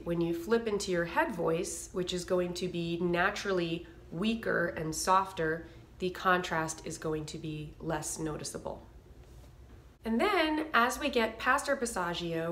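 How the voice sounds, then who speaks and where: A woman's voice: on the low side, a little slow, a bit bright, reverberant. A woman vocal coach giving a singing lesson to camera, explaining technique and breaking into short sung and nasal demos.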